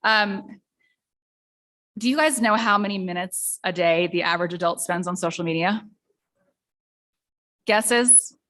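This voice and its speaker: A woman's voice: medium pitch, unhurried, pauses often, a bit bright. A woman presenting a small-business workshop, speaking in an upbeat, conversational way and asking the audience questions.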